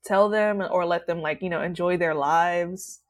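A woman's voice: on the low side, measured pace. A woman hosting a podcast in casual chat, bubbly and laughing often, with many likes. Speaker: podcast host.

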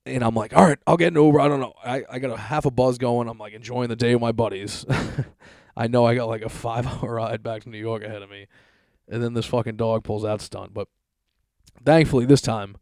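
A man's voice: medium pitch, steady tone, brisk, darkish tone, no room sound, clean studio sound. A man telling a long story in a casual, profane, rambling way.

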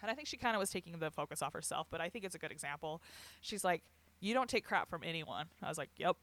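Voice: medium pitch, animated, fast, fairly bright tone. A young adult telling a personal story in casual chat, candid and profane, laughing often and quoting others. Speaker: guest recounting a hospital stay.

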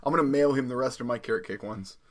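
A man in easygoing conversation on a snack podcast, wandering through his thoughts with plenty of "uh"s and restarts. His voice sits at an ordinary middle pitch for a man. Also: fast. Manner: laid-back, rambling with frequent fillers. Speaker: podcast co-host reviewing snacks. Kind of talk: casual chat.

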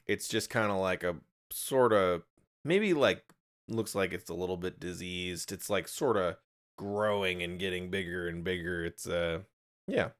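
A man's voice: low voice, a little slow. A man co-hosting a podcast, chatting casually, laughing often and dropping into playful whispers. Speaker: podcast co-host. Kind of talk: casual chat.

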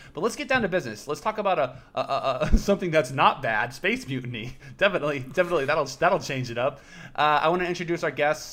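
A man's voice: mid-range voice, bright, forceful tone. Laughing, self-mocking podcast host man. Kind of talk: casual chat.

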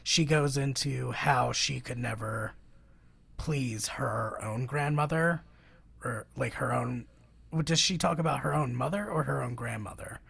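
Podcast co-host, gravelly and husky, dry and thoughtful delivery. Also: mid-range voice, unhurried, fairly bright tone. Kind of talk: casual film discussion.

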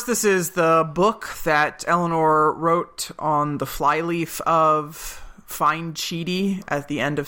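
A woman's voice: low voice, a bit bright. A woman co-hosting a podcast, chatting casually and retelling scenes with quoted lines. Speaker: podcast co-host. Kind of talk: casual recap chat.

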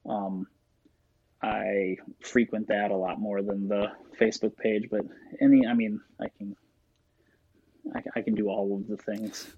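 A man's voice: lowish voice, level tone, unhurried, pauses often, dark tone, husky, lo-fi sound. A man talking as a guest in a casual interview, rambling and laughing often. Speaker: guest, shop owner.

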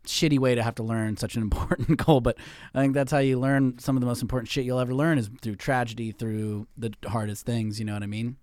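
A male podcast host talks quickly and with a lot of energy. He swears casually and laughs often while chatting. His voice is dry and close to the mic. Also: medium pitch, fairly even intonation, darkish tone, dry recording.

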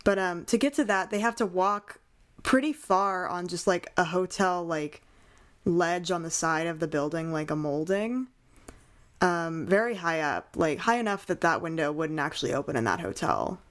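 Young woman, animated podcast co-host. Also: lowish voice, moderate pace. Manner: animated, incredulous, many fillers. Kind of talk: casual chat reviewing a movie.

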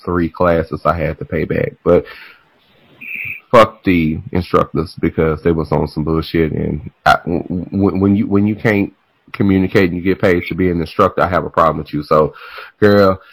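Animated man chatting in a dry room. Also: low voice, normal speed, no echo, low-quality recording. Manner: animated, swings between loud exclamations and muttering. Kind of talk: casual comedic chat.

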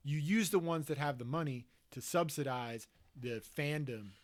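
A man's voice: on the high side, normal speed. A man co-hosting a podcast, chatting casually, agreeing often and thinking aloud. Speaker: podcast co-host. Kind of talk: casual conversation.

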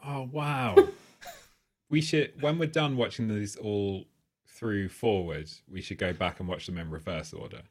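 A man co-hosting a podcast, dropping wry, quick asides in a casual chat about a film. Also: lowish voice, a little mellow. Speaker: podcast co-host.

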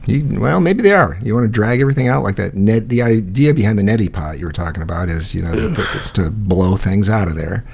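A man's voice: on the low side, animated, quick pace, vocal fry, few pauses, darkish tone, husky. A man co-hosting a podcast, chatting casually and telling comic stories with quoted voices. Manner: storytelling, acts out quoted voices. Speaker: podcast co-host. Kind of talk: casual comedic chat.

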